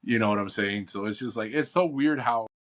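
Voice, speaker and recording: This podcast host, a man from Chicago, chats casually and rambles easily, tossing in slangy asides. His voice is on the low side and his pace brisk.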